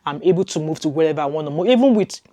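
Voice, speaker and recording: A woman's voice: low voice, lively intonation, racing, mellow. A middle-aged woman from Nigeria with a heavy Nigerian accent, talking casually to her camera in a chatty, reassuring way and repeating points for emphasis. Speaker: vlogger.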